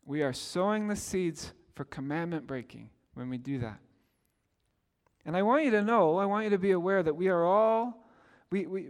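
In a big hall, a pastor in middle age preaches with a high voice. He spins his stories casually, as if chatting, and performs each quotation.

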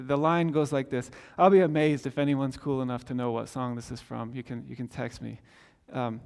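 This pastor, a man in his forties, has a clean, mid-range voice heard with big-room acoustics. He preaches by telling stories in a conversational way, frequently cutting himself off and restarting.

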